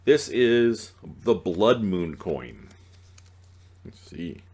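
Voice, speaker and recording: A man's voice: low-pitched, sing-song, drawn-out words, darkish tone, a little hiss or hum. A man hosting an unboxing video, chatting casually and joking at himself, groggy after a night out and stumbling over his reading. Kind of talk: casual rambling unboxing talk.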